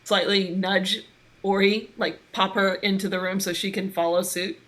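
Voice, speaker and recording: A woman's voice: medium pitch, flat delivery, normal speed, a bit bright. A woman playing in a tabletop game, talking casually as she describes what her character does. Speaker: player.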